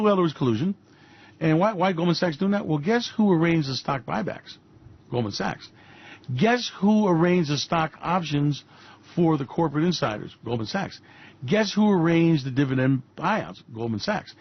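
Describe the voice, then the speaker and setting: Ranting male radio host, husky. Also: on the high side, lively intonation, normal speed, muffled recording. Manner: ranting, mocking, repetitive punches. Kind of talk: fiery political-finance commentary.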